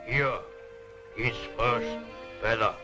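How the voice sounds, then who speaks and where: An actor playing a solemn old chief who speaks in short, clipped phrases in an old puppet show. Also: male voice, mid-range voice, steady tone, slow pace, lightly acted, low-quality recording. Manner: broken, clipped phrasing, grave. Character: solemn, slow-spoken old tribal chief. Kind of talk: 1960s TV puppet show acting. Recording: old TV soundtrack with music underneath.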